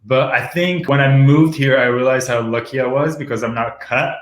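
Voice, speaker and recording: Chatting casually in a home kitchen, a man about thirty from France talks candidly as an interview guest, with a French accent and frequent jokes and laughter. He has a medium pitch and moderate pace, and the audio carries roomy kitchen sound.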